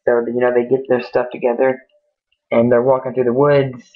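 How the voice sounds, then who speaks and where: A man tells a spooky war story off the cuff, rambling and restarting often. His voice is fairly flat and mid-pitched. The audio is tinny, like a phone line. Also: moderate pace. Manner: rambling, many fillers and restarts. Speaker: amateur storyteller. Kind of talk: casual improvised storytelling.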